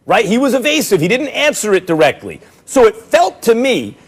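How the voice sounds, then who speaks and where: An animated man in a studio sports debate, sarcastic and mimicking others as he argues. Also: very high-pitched, normal speed, slightly rough.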